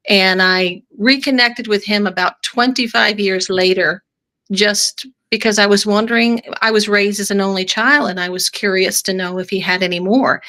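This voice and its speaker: A woman's voice: medium pitch, pushed and bright. A middle-aged woman from Northern Ireland, with no trace of an Irish accent, chatting as a guest and rambling through her stories. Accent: American, no Irish accent. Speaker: guest author. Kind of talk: casual chat.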